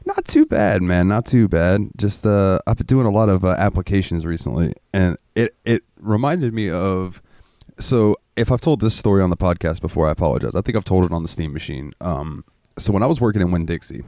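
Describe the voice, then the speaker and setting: A low-pitched man hosting a podcast, spinning loose, foul-mouthed stories full of ums and asides. His voice sits close and dry on the mic, with no room sound around it. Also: a little fast, warm tone, no room sound. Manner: rambling, profane anecdotes with filler words. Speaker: podcast host. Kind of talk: casual storytelling chat.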